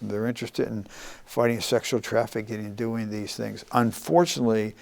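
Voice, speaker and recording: Older man, earnest interviewee, halting delivery with frequent restarts. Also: lowish voice, fairly even intonation, creaky, darkish tone. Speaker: former congressman, guest.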